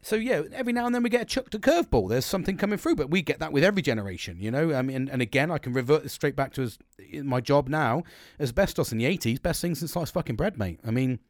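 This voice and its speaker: A man's voice: a little high, lively intonation, quick pace, dry recording, studio quality. A middle-aged British man chatting on a podcast, rambling and blunt, with frequent swearing. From Britain. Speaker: podcast co-host. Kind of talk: casual chat.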